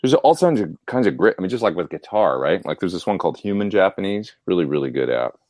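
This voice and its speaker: A man's voice: sits low, very animated, fast, darkish tone, dry recording, clean studio sound. A man chatting casually and at length, answering viewer questions about gear and hobbies. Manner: rambling, chatty. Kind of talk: casual chat.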